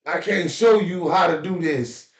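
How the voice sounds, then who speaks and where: A man on a podcast chimes in with quick words of agreement. His high voice is set back from the mic in a roomy echo. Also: gravelly, distant mic. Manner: backs the speaker with short replies. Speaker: podcast co-host. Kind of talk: casual chat.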